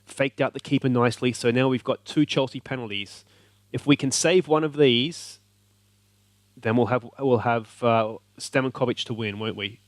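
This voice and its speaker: Australian male let's-play host, mid-pitch, lively game commentary, cheers at the screen, dry close sound. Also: moderate pace, dry recording. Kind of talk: excited gameplay commentary.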